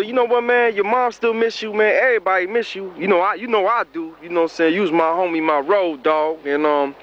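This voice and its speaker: High-voiced young man rambling in slang. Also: a bit bright, highs cut off, a little hiss or hum. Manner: slangy, rambling, laughing between lines. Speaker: comedic monologue performer. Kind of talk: comedic monologue to a dead friend at a grave.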